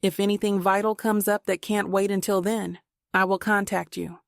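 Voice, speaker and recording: Bickerstaff: female narrator voicing clipped, formal cop, gravelly, audiobook. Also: mid-range voice, level tone, normal speed, no room sound, studio quality, natural voice. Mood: businesslike. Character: brisk formal male police detective.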